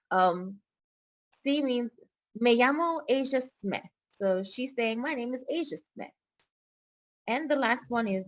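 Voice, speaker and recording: Slow, patient woman tutor. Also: a little high, big pitch swings. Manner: slow, patient, repeats each word. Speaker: pharmacy tech Spanish tutor. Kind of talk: online vocabulary lesson.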